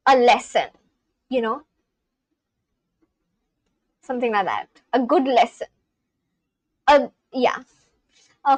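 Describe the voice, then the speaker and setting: Woman streamer, bright high voice, dry close sound, chatty and giggly with her viewers. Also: dry recording, low-quality recording. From India. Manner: chatty, giggly, reads chat messages aloud and answers them. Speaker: livestream host. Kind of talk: casual livestream chat with viewers.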